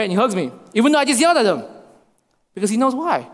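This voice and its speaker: A man's voice: very high voice, big pitch swings, fast talker. A man in his thirties preaching a sermon as a pastor, repeating lines for emphasis. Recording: long reverb of a hall.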